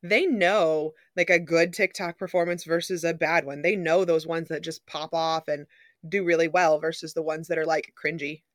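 A woman's voice: sits low, steady tone, moderate pace, no room sound, clean studio sound. A woman co-hosting a casual podcast, upbeat and confident as she reads listener questions. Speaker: podcast co-host. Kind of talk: casual chat.

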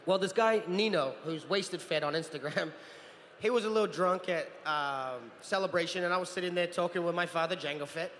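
A man in his thirties from New Zealand, telling animated stories as a guest on a convention panel and acting out other people's voices. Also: sits high, brisk. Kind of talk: anecdotal storytelling. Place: large convention hall. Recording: convention hall with reverb and faint noise.

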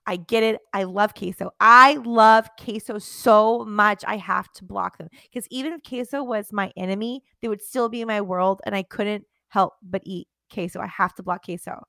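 A woman's voice: medium pitch, brisk, vocal fry, hardly any pauses, dry recording, clean studio sound. A woman co-hosting a casual podcast chat, playful, defending her opinions with mock seriousness. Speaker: podcast co-host.

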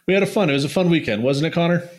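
A man's voice: a little high, lively intonation, racing. A young man co-hosting a podcast, chatting casually and giggling between jokes. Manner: giggly, loose and joking. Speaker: podcast co-host. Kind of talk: casual chat.

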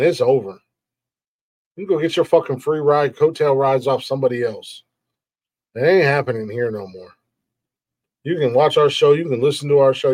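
A man hosting a live show who rants with heavy swearing and keeps circling back to the same complaints. His voice sits at an ordinary pitch and sounds dry and close to the mic. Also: darkish tone, dry recording. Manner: heated, profane, repetitive, frustrated. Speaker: podcast host. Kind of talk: profane live-stream rant.

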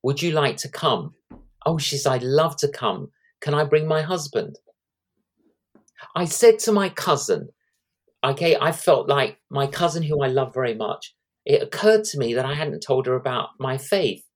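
A man in his sixties, an evangelist, telling lively anecdotes as a guest in an interview, acting out the quotes. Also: mid-range voice, normal speed. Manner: animated anecdotes with acted-out quotes.

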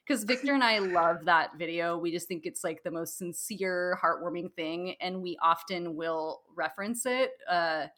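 A woman's voice: lowish voice, moderate pace, hardly any pauses, a bit bright. A woman co-hosting a casual conversation, bubbly and laughing as she tells anecdotes.

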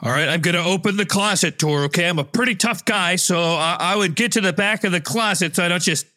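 A man's voice: high voice, quick pace, pushed and bright. A man improvising a nervous dad who stammers while checking his daughter's closet. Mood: flustered. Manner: stammering, flustered. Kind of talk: improv comedy.

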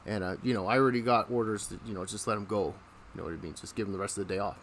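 A man's voice: lowish voice, fast, slight background noise. A man hosting a podcast, telling casual stories, laughing often and acting out the people in them. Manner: acts out the people in his stories. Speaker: podcast host. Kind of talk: casual storytelling.

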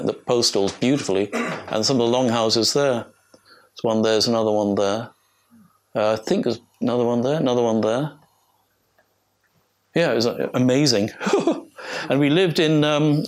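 An older man from England talks an audience through his slides as an archaeologist, in a loose, rambling way. His pitch sits in an ordinary middle range, and he keeps breaking off with fillers and restarts. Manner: rambling, chatty, self-interrupting with fillers and restarts. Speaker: archaeologist giving a talk. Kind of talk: informal illustrated lecture.

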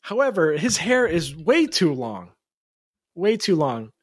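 A man co-hosting a podcast, telling absurd comic stories in a casual, animated way and laughing often. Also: on the high side, slow, breathy edge. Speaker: podcast co-host. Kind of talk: casual comedic storytelling.

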